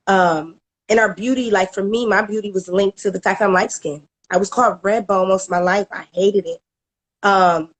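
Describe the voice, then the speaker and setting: A middle-aged woman, giving a candid personal testimonial about a coaching program, often repeating words and laughing as she goes. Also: medium pitch.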